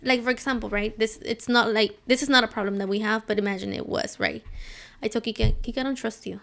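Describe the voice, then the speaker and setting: A woman's voice: a little high, fairly even intonation, a little fast, vocal fry, fairly bright tone. A woman co-hosting a podcast in casual chat, speaking directly and bluntly and acting out both sides of her arguments. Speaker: podcast co-host.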